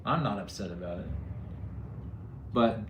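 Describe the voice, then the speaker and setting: A man's voice: on the low side, animated, measured pace, dull audio, a little hiss or hum. Easygoing middle-aged man, echoey room. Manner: easygoing, joking, answering chat. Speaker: livestream host. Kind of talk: casual livestream chat with viewers.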